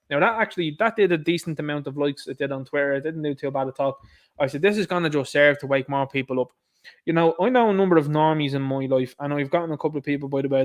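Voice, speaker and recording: A young Irish man rants on his livestream, indignant and sarcastic. His voice sits a little higher than most men's, and he keeps turning to his listeners as lads. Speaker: livestream host. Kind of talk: ranting livestream commentary.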